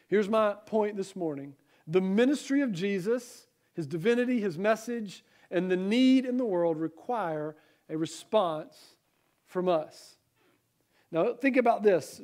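A man with a Southern American accent delivers a Sunday morning sermon. His voice sits high for a man. He mixes scripture reading with easy asides and rhetorical questions to the congregation. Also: a little mellow. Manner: conversational preaching with rhetorical questions. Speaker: pastor.

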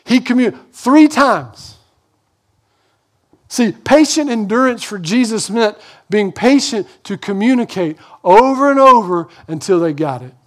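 Man, pastor preaching a sermon, high voice, lively acted-out dialogue. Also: unhurried.

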